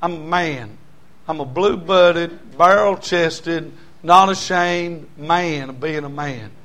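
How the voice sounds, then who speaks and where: Folksy preacher man, fairly high voice. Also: takes it slowly, a bit bright. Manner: emphatic, repetitive cadence, folksy humor. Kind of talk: sermon. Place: church before a congregation.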